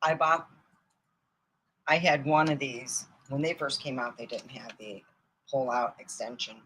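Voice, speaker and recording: A middle-aged woman from Michigan telling rambling comic stories, swinging between loud outbursts and mutters and laughing at her own jokes. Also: rumbling low, fairly even intonation, measured pace, a little hiss or hum, poor audio. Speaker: comedy storyteller. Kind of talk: casual comic storytelling.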